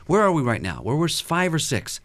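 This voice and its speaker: Lively man telling stories on a radio talk show. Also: on the high side, brisk, dry recording. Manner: animated storyteller who acts out quotes. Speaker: guest counselor.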